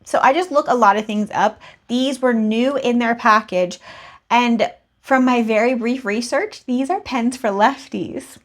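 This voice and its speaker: Young woman vlogger, slightly high voice; casual, chatty sales recap full of tangents. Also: a little slow. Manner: chatty, rambling asides, laughs at herself. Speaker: reseller vlogger.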